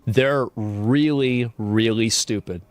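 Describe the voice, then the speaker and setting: A man's voice: medium pitch, takes it slowly, no echo. A man commenting in a played stream clip, blunt and dismissive in his opinions. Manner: emphatic, dismissive.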